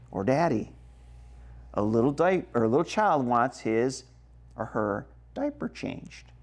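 A man preaching a sermon, slow and emphatic, checking in with the congregation as he goes. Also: medium pitch, gravelly, a little mellow. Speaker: pastor.

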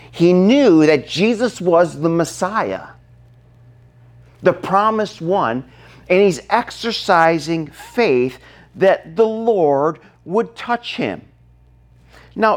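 A man preaching a sermon, telling a Bible story dramatically, dropping to a hush and then acting out shouts. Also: a little high. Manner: dramatic, acts out the scene, shifts from hushed to shouting. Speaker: pastor.

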